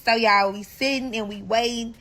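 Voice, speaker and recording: A woman from St. Louis telling a personal story to her viewers in a casual storytime vlog, animated and full of profanity. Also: fairly high pitch, moderate pace. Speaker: storyteller vlogger.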